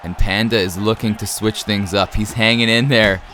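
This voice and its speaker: A man's voice: lowish voice, fairly even intonation, normal speed, pushed and bright, slight background noise. Laid-back man giving fight game commentary. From Canada. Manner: laid-back, laughs often, says "man" a lot. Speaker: gaming YouTuber. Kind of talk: casual gameplay commentary.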